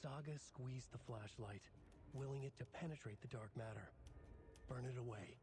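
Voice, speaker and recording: A man giving tense, measured scripted narration for a video game. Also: medium pitch, background noise, natural voice.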